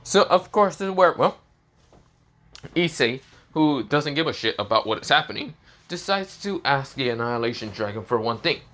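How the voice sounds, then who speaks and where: A man with a sore, coughing throat narrates an improvised fan story. He rambles, leaning on "this is where, well" and restarting his sentences, and his voice sounds bright and forward. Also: mid-range voice, expressive, normal speed.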